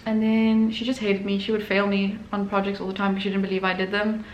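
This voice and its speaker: Here an artist with her own channel, a young adult woman, tells a personal story casually, stumbling through fillers and restarts. Her mid-range voice stays level as she talks at a quick pace, and the sound is lo-fi, captured in an echoey room with faint noise.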